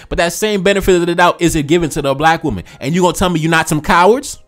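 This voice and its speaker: A man's voice: on the high side, fast, hardly any pauses, soft background music. A man with an American accent hosting a reaction video, talking passionately in slangy street speech and repeating phrases for emphasis. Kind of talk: fired-up commentary on viewer comments.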